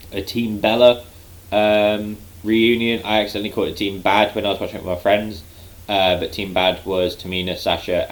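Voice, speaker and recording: A man's voice: on the low side, poor audio. A man casually recapping a wrestling show, rambling with lots of fillers like um and like. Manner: rambling, heavy use of um and like. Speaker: wrestling reaction vlogger.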